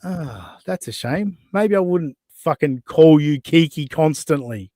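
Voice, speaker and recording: A man's voice: on the high side, lively intonation, a little slow, warm tone, no echo. A man hosting a podcast, mocking and profane as he reacts to clips in casual chat. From Australia. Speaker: podcast host.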